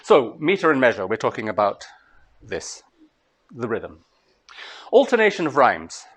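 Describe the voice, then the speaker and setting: A Scottish man giving a master class on translation, talking to students in a lively way and chanting rhythms aloud. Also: medium pitch, measured pace, slightly rough. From Scotland. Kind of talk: lecture to students. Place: lecture hall.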